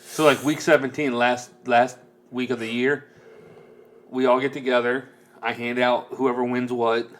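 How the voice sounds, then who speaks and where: A man's voice: mid-range voice, level tone, moderate pace. A man from Texas co-hosting a casual sports podcast, laughing easily and explaining league rules in a rambling way. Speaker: podcast co-host. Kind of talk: casual chat.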